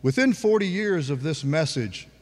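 A man preaching a sermon in a relaxed conversational way, asking the congregation questions. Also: fairly high pitch, normal speed, long reverb tail. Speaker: pastor.

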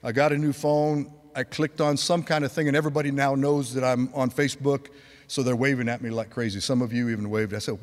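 A man's voice: mid-range voice, steady tone, fairly quick. A man in his sixties, preaching a sermon: he rambles through a personal story, then builds to fervent preaching. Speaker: pastor. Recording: long hall reverb.

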